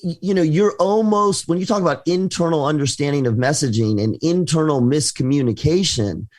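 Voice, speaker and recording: A man's voice: on the high side, a little fast, a little mellow. A man co-hosting a business talk show, speaking conversationally with frequent restarts and hesitations. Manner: hesitant, many restarts and fillers. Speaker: podcast co-host.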